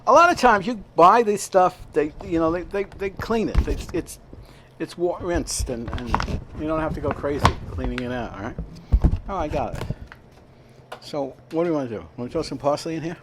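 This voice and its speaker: Man, somewhat high voice, chatty cooking host, rambling, faint background noise. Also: moderate pace. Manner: chatty, rambling, frequent "all right?" check-ins. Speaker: home cooking show host. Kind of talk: casual cooking demonstration. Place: kitchen at a veterans' hall.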